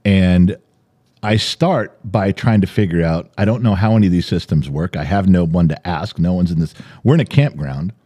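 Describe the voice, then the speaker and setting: A man's voice: low-pitched, moderate pace, mellow. A middle-aged man hosting a podcast, telling a rambling, detailed anecdote in casual conversation. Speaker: podcast host. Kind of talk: casual storytelling.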